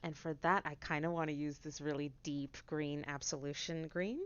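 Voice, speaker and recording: A woman streaming as she paints a miniature, chatting casually with viewers and slipping into quiet whispers as she concentrates. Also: deep voice, steady tone, normal speed, clean tone, muffled recording. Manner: chatty, drifts into soft whispers while concentrating. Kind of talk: casual livestream chat while painting.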